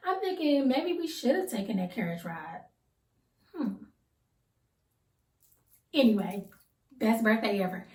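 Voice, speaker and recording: A woman in her thirties chats on her vlog in a slightly high voice, rambling through stories with easy slang. She sits well back from the microphone. The room gives her voice a roomy echo. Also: lively intonation, unhurried, pauses often, a little mellow. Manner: chatty, rambling storyteller with colloquial slang. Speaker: vlogger. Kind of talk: casual get-to-know-me chat. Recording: roomy sound from a distance.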